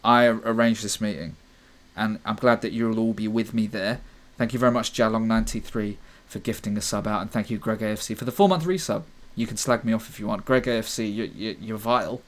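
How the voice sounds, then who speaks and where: Playful comedian streaming. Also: male voice, lowish voice, fairly even intonation, a little fast. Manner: playful, mock-defensive, rambling with self-interruptions. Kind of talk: improvised comedy livestream.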